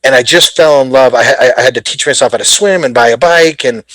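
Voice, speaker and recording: Animated storytelling man, dry sound. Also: medium pitch, fast, no echo, poor audio. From Canada. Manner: lively, acts out dialogue in his stories. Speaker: guest. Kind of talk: casual storytelling.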